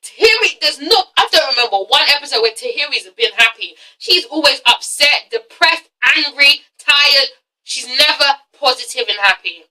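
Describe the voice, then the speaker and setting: A woman's voice: high-pitched, animated, moderate pace, pushed and bright, recorded from a distance, poor audio. A young woman ranting through a casual reality-TV review vlog, blunt and exasperated, swearing freely.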